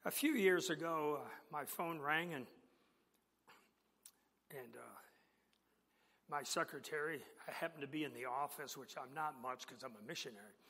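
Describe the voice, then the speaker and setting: A male preacher telling a story from the pulpit, teasing his congregation and swinging between loud and quiet. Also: on the high side, normal speed, long pauses. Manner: animated, teasing the congregation, big swings in loudness. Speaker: preacher and missionary. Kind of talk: sermon with storytelling. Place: church sanctuary with a congregation. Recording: long reverb of a large church hall.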